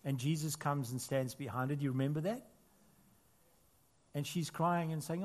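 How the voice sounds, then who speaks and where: A man preaching a sermon as pastor in a church, earnest, rising to emphatic peaks and falling to quiet, intimate asides. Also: medium pitch, moderate pace.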